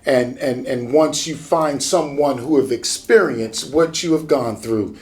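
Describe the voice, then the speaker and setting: A pastor hosts a relaxed interview, speaking in a conversational, mid-pitched man's voice. He affirms his guest with enthusiastic, preacher-like exclamations and keeps the talk warm and open. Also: measured pace. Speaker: pastor and show host.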